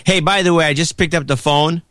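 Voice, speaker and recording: A man's voice: a little high, steady tone, fairly quick, fairly bright tone, no room sound, clean studio sound. Wry grumbling male co-host. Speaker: podcast co-host. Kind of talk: casual chat.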